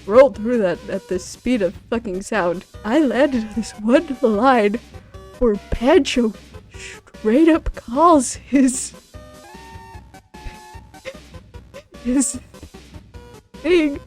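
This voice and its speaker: A young woman vlogging off the cuff, rambling with frequent laughter, loud outbursts and swearing. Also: a little high, lively intonation, very slow, long pauses, faint music behind. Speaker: youtuber. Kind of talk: unscripted ranking vlog.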